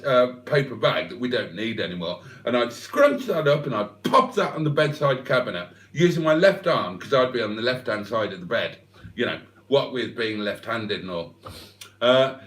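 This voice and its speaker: A man hosting a livestream, telling a rambling comic monologue in a deadpan, mock-serious way with long digressions. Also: mid-range voice. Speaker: livestream host. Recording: echoey room, mic at a distance.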